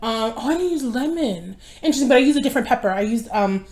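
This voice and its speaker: A young woman chatting casually at home as she eats, her voice sitting a little high. She sounds worn out and talks in a rambling way, losing her thread and correcting herself. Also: lively intonation, quick pace, a little mellow, slight background noise. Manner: rambling, easily distracted, self-correcting. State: tired. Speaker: mukbang vlogger. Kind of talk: casual chat while eating.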